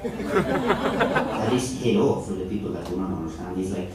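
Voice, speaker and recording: Male comic, lively rambling delivery, raised pitch, echoey distant recording with loud noise. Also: normal speed, a loud crowd. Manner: animated, rambling, laughs at own jokes. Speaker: stand-up comedian. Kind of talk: stand-up comedy set. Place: indoor comedy venue. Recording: echoey room, far camera mic, loud noise.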